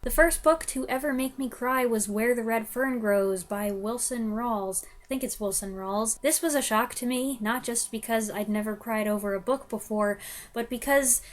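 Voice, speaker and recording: A woman's voice: on the high side, normal speed. A young woman vlogger chatting to the camera, self-deprecating and laughing often. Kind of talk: casual chat to camera.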